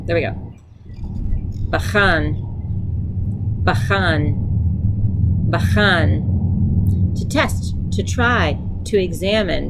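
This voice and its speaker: A middle-aged woman with a low-set voice runs a relaxed vocabulary lesson, sounding each word out several times before explaining it. She talks in a loose, chatty way, full of little asides. A faint hum of room noise sits behind her. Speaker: language teacher. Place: indoors by a sunny window.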